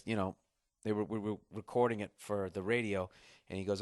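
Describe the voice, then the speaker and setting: A male comedian ranting profanely in a comedic podcast, animated and building to loud outbursts. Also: fairly low pitch, a little fast, no echo, clean studio sound.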